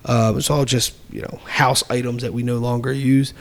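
A middle-aged man telling a personal story in casual conversation, animated and laughing as he acts out quoted voices. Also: medium pitch, brisk, creaky.

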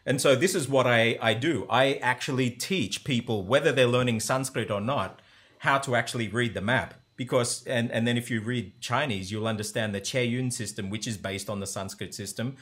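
Casting: male language teacher, mid-pitched voice, eager and explanatory, demonstrates sounds as he talks. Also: moderate pace, fairly bright tone. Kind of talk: conversational explanation.

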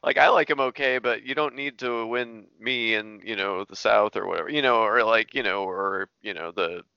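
A man's voice: lowish voice, moderate pace, gravelly, smooth, no echo, highs cut off. A man hosting a podcast, chatting casually, laughing often and hedging his points. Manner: laughs a lot, hedging speech. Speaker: podcast host. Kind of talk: casual chat.

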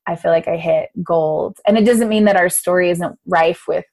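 At a normal speed, a woman from the United States in her thirties recounts her life story in a casual interview. She's animated, frequently slipping into her younger self's voice with large pitch swings.

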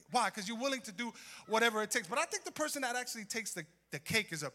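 A middle-aged man preaching a sermon to his congregation, building to loud shouts. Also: very high voice, animated, fast talker, big-room sound, slight background noise. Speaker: pastor. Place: church sanctuary.

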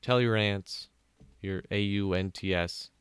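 A man's voice: on the low side, steady tone, takes it slowly, clean tone, dry recording. A man hosting a podcast alone, riffing sarcastically in a casual comedic monologue and acting out bits in put-on voices. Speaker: podcast host.

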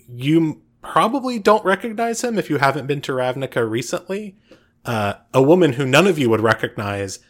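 A man narrating as game master of a tabletop game, relaxed and filling pauses with uh and um. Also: medium pitch. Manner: relaxed, frequent uh and um fillers.

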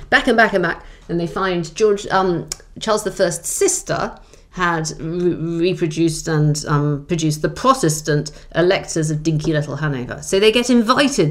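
A woman with a low-pitched voice talks through history as an interview guest. Her delivery is vivid and emphatic, with sharp jumps in pitch on the words she stresses. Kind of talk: conversational storytelling in an interview.

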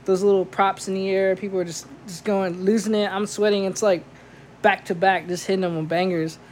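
A man's voice: sits high, level tone, a little fast, slight background noise. A man who works as a DJ tells a story in slangy, casual talk, saying "like" a lot.

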